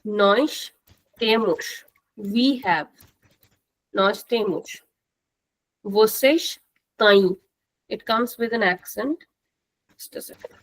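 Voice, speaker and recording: A woman teaching a live online language class, slow and patient, repeating words for the students to drill. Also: mid-range voice, poor audio.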